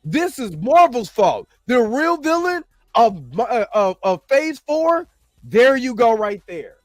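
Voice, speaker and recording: A man's voice: very high-pitched, very animated, takes it slowly, dry recording, soft background music. A male host giving opinionated commentary, emphatic and repetitive, with many fillers and restarts. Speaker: show host.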